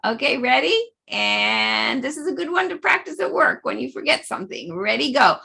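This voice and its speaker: A woman's voice: on the high side, lively intonation, normal speed, gravelly, bright, forceful tone, a little hiss or hum. Bubbly, laughing woman yoga instructor. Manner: bubbly, frequent laughter and chanting. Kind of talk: guided group exercise over video.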